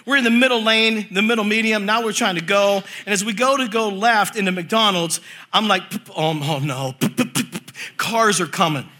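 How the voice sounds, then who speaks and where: A male preacher telling a funny story in a sermon, animated and acting out voices, laughing as he goes. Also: high-pitched, fairly quick.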